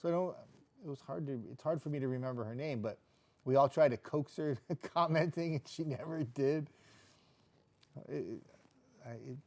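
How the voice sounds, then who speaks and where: Man, middle-aged, mid-pitched, easygoing weather host doing live chat with viewers, loose and jokey, lots of restarts. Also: moderate pace, pauses often, a little mellow. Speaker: TV meteorologist hosting a live stream. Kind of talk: casual live-stream chat reading viewer comments.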